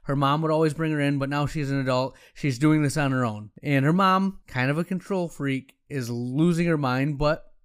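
A man's voice: a little high, normal speed, smooth. A man who runs an optometry practice telling a story in a frank, conversational way, quoting himself and others as he goes. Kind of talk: casual storytelling talk.

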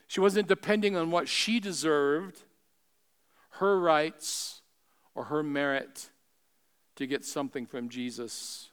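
A man preaching a sermon with emphatic delivery that swings between raised exclamations and hushed asides. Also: fairly high pitch, slow, pauses often, clean tone.

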